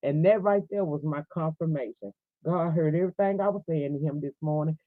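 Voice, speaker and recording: A woman's voice: low-pitched, fairly quick, no echo. A woman in her forties hosting a livestream, preaching fervently and speaking straight to her viewers. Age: 40s. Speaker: livestream host. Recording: tinny phone-like audio, dry.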